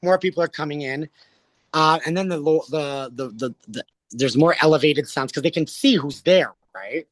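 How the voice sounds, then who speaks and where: A Canadian drag performer telling a story with breathless, theatrical energy and acting out the voices in it. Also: male voice, on the high side, normal speed, no echo. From Alberta, Canada. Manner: breathless, theatrical, acts out the voices in his stories. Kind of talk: animated storytelling.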